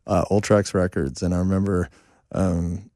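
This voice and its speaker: Deep-voiced man telling self-deprecating stories. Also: normal speed, no echo, studio quality. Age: 50s. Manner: animated, self-deprecating storyteller. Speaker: songwriter and producer guest. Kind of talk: casual interview storytelling. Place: home studio room.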